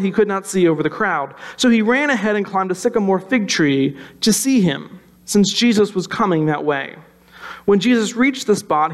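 A man with a high voice preaches a sermon. He talks conversationally and tells the story with animation. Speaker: pastor.

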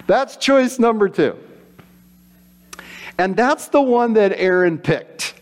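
A man's voice: sits high, unhurried. A man preaching a sermon, telling stories with acted-out quotes and voices. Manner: animated storytelling with voiced quotes. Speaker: pastor.

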